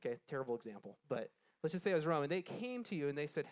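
A man with a fairly high voice, speaking very fast and very animatedly, teaches a Bible lesson to a group. He reads scripture aloud, explains it conversationally, and quizzes his listeners with questions, often restarting his sentences.

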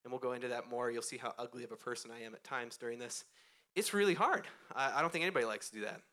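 A man's voice: mid-range voice, racing, pushed and bright. A man in his thirties preaching a casual, conversational sermon on a church stage, speaking close into a microphone, self-deprecating and often laughing as he talks. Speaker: pastor. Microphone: close handheld or stand microphone.

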